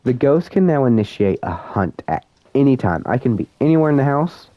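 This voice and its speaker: Nervous and self-mocking, this young man chats to his viewers while playing a horror game, his medium-pitched voice brisk and sing-song. He's a student gamer giving casual commentary. The audio is dry, dull and lo-fi.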